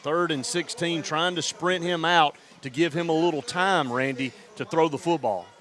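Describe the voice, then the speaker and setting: A man doing play-by-play for a high school football game, building to excited shouts on big plays. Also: normal speed. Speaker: play-by-play announcer.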